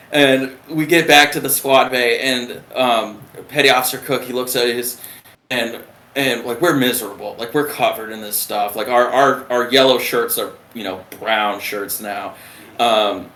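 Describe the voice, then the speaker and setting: Brief: male veteran guest, animated and profane storyteller, roomy echo. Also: medium pitch. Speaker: retired submariner guest. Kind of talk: casual storytelling.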